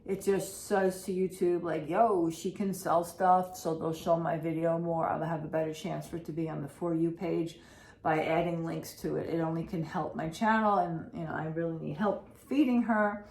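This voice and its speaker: Speaking at a normal pace in a low, somewhat mellow voice with fairly even intonation, this vlogger and pet owner films a casual day-in-the-life video at home. She rambles and repeats herself, sounding anxious and emotional, and the room sounds spacious with a faint hum of background noise.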